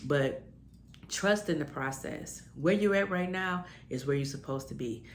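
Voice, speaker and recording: A woman's voice: deep voice, measured pace, slight background noise. A woman with talk giving heartfelt spiritual encouragement to listeners, calling them honey and baby. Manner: emotional, tearing up with joy. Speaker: spiritual self-help podcaster.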